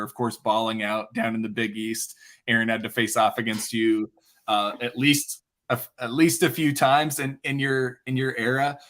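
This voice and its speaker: A man's voice: mid-range voice, a bit bright. A man hosting a casual live show, joking and hyping up his guests. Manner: joking, fast, playful hype. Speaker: host. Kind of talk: casual chat.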